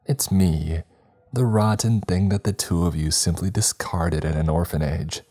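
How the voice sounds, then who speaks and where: A man playing a calmly menacing psychopath. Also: low-pitched, unhurried, husky. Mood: calm menace. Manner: calm, menacing, by turns whimpering. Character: unhinged adult son, male, psychopathic, servile to his father.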